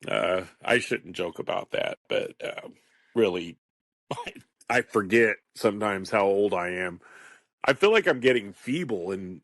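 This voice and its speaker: A man in his fifties talks alone on his podcast in a loose, wandering way, chuckling as he goes. His voice sits a little low, and the sound is close and dry with no room echo. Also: a little slow, fairly bright tone. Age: 50s. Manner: rambling, chatty, chuckles often. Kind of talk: casual solo podcast monologue.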